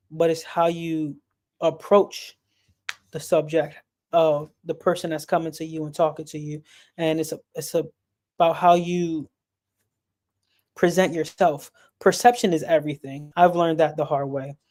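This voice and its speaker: Speaking earnestly on a sports and mental health stream, this man keeps things casual and personal. His slightly mellow voice is a touch higher than most men's, and his level, unvaried delivery is marked by repeated words as he looks for what to say.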